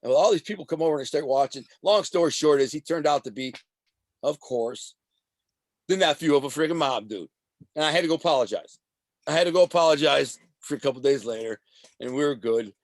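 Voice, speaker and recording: A fast-talking middle-aged man, his voice sitting a bit high for a man. He tells street stories in a tough, animated rush, tripping over restarts as he goes. The sound is close and dry. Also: dry recording. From Detroit. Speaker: guest, author and radio host. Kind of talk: casual storytelling interview.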